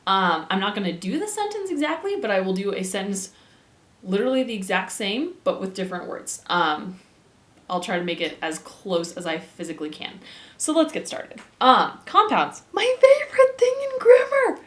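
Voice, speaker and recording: Casual woman teacher, playful and chatty, mid pitch, roomy echo. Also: expressive, normal speed, fairly bright tone. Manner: chatty, playful asides to students. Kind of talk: casual grammar lesson. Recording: echoey room.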